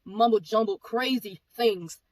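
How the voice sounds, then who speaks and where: A woman giving a personal testimony, telling the story in a rapid, animated way and acting out the back-and-forth of the exchange. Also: on the high side. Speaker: ministry speaker giving a testimony. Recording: voice a bit far from mic, faint background noise.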